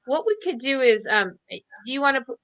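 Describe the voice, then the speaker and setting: Upbeat, chatty woman co-host with a bright, dry, close sound. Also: high voice, sing-song, fast talker, dry recording, poor audio. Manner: chatty, upbeat, laughs often. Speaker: co-host doing card readings. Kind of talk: casual online show chat.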